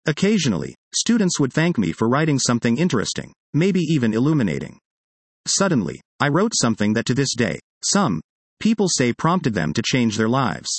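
Middle-aged male professor-author, earnest measured essay read with deliberate pauses; animated intonation, dry recording. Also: medium pitch, no echo. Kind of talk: reading a personal essay aloud.

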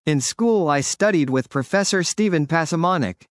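A man with a somewhat high voice reads a newspaper feature aloud at a steady, measured pace. The recording is dry and close, with no room sound around him. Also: dry recording. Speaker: narrator.

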